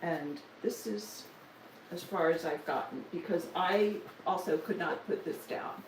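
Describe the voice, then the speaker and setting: A woman's voice: fairly low pitch, unhurried, echoey room, distant mic, a little hiss or hum, rough recording. A woman, chatting casually on a live stream about her stitching projects, with joking asides and self-deprecating humor. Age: 60s. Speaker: stitching vlogger.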